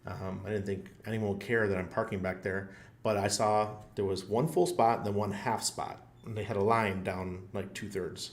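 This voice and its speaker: A man hosting his own channel, rambling through a funny story in a casual, self-mocking way with frequent laughs. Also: on the low side. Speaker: channel host. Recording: roomy echo.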